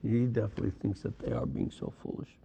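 A man giving an unhurried scripture study lecture as a Bible teacher, pausing often with fillers and restarts. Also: on the low side, wildly swooping pitch, creaky, mellow, breathy edge. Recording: dull lo-fi audio.

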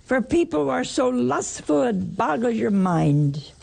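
A woman's voice: fairly high pitch, sing-song, a little slow, creaky, dark tone, slightly rough. An older woman preaching a sermon, emphatic, asking rhetorical questions and repeating her phrases.

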